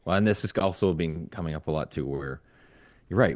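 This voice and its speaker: A man's voice: a bass voice, quick pace, darkish tone, dry recording. A man co-hosting a podcast about fatherhood, thinking aloud in a thoughtful, searching way. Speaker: podcast co-host. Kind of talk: reflective casual conversation.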